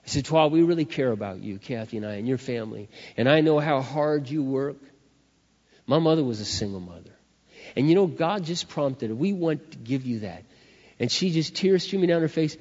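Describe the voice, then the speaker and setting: Man, pastor, storytelling sermon, animated, acts out voices, muffled recording, long hall reverb. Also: mid-range voice. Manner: animated, acts out dialogue, swings loud and soft.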